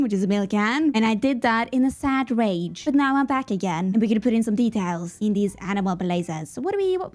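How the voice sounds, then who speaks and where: A woman's voice: a little high, darkish tone. Chatty young woman narrating her gameplay. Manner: chatty, playful and dramatic, narrating her own moves. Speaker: gaming channel host. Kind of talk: let's-play commentary.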